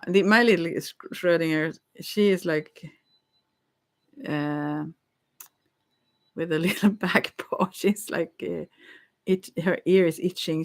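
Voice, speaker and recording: A woman rambling in a casual monologue, musing dreamily, giggling and stammering with frequent restarts. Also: on the low side.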